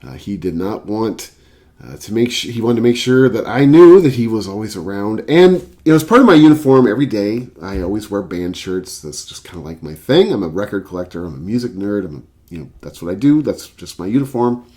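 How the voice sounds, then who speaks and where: A low-pitched man talks casually, his pitch swinging widely as he tells a story. He rambles with lots of fillers, in a loose, chatty vlog style about records. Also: brisk. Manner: rambling, filler-heavy, animated anecdote. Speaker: record collector and vlogger. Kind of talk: casual storytelling and album review.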